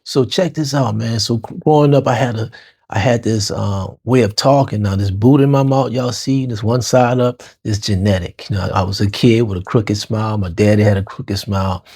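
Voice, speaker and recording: A middle-aged man from New Orleans's Lower Ninth Ward with a New Orleans accent, hosting his own show and telling a personal story in a casual, slangy way, talking straight to listeners. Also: fairly even intonation, normal speed, darkish tone, slightly rough. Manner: casual, street-slang phrasing, talks to listeners as y'all. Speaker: podcast host.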